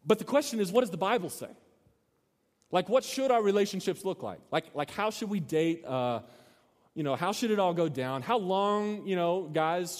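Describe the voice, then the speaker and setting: A man's voice: sits high, a little mellow. A man in his thirties preaching a casual sermon as a youth pastor, telling a story with many restarts and asides. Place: church hall. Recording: long hall reverb.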